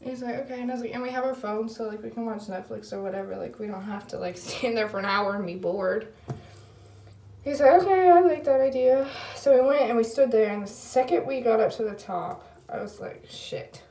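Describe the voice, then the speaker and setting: A woman's voice: mid-range voice, fairly even intonation, fast talker, gravelly, hardly any pauses, a little mellow. A young woman telling a story in a casual video diary, rambling with lots of fillers and quoted back-and-forth, and apologizing in self-conscious asides. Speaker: vlogger. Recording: echoey room.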